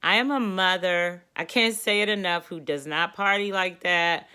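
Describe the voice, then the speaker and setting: Woman, from the DC area, casual storytime, animated, exasperated, lowish pitch, bright tone. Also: moderate pace, clear, resonant tone. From Washington DC area.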